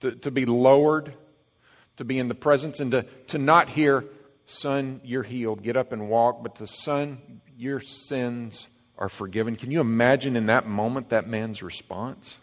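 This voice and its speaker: A man preaching a sermon in a long, ringing hall reverb, his voice at an ordinary middle pitch. He delivers it earnestly, pushing some lines loud and letting others fall soft and low. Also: fairly even intonation, moderate pace. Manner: earnest, emphatic preaching with swings between loud and hushed. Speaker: pastor.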